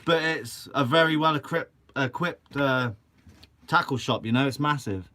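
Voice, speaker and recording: A man's voice: medium pitch, moderate pace, bright, forceful tone. A young man from Guernsey, hosting a fishing channel and answering live chat in a chatty, upbeat way with casual swearing. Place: shed.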